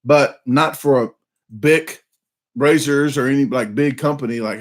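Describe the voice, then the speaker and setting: A man with a Southern US accent hosting a casual live stream, rambling with lots of fillers and restarts, a little hoarse and coughing. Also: mid-range voice, expressive, a little slow.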